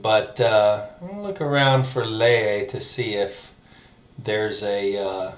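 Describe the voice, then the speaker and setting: Slow, rambling man in an echoey room. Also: fairly low pitch. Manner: slow, thinking aloud with many fillers and "right?". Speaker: language learner teaching viewers. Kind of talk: casual screen-share lesson.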